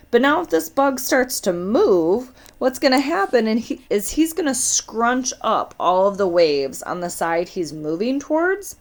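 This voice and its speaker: A woman teaching a science lesson, talking casually and putting questions straight to her students. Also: mid-range voice. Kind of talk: recorded classroom lesson.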